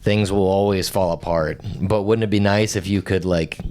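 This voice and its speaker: A man's voice: sits low, steady tone, moderate pace, darkish tone, slight background noise. A man co-hosting a podcast in casual chat, laid-back, mostly giving short replies and dry quips.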